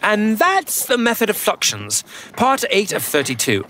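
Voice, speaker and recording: A man's voice: sits high, huge pitch swings, measured pace, sharp tone, slight background noise, heavily acted. A man playing an eager, long-winded Isaac Newton in a children's audio drama. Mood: lecturing. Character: Isaac Newton, eager know-it-all 17th-century scientist. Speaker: character actor.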